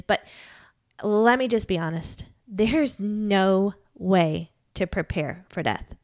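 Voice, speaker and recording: A woman's voice: mid-range voice, slow, darkish tone, no room sound, clean studio sound. A woman in her forties, a widowed mother, giving a candid, earnest faith talk with rueful laughs. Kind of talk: personal testimony talk.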